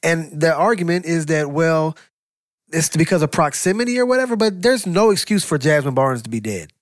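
A man's voice: a little high, animated, normal speed, no room sound, clean studio sound. A man co-hosting a casual podcast, earnest and argumentative. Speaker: podcast co-host. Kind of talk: casual opinion chat.

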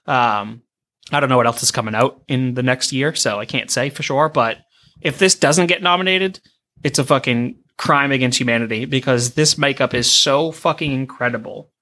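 A woman's voice: very deep voice, moderate pace, fairly bright tone. A woman on a casual movie-review podcast, talking emphatically and swearing heavily.

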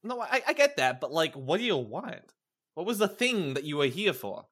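A man's voice: fairly high pitch, very animated, moderate pace, a bit bright, slightly rough. A man playing a tabletop game, chatting casually and rambling with lots of fillers. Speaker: player.

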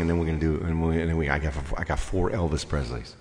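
A man's voice: rumbling low, moderate pace, pauses often, big-room sound. A man casually chatting with viewers between songs on a live stream, rambling and greeting people by name. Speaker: live-stream singer with guitar. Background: loud guitar playing.

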